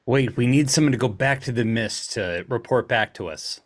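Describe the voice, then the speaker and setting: A man playing in a tabletop game, who chats casually, jokes and asks quick questions. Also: medium pitch. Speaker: player.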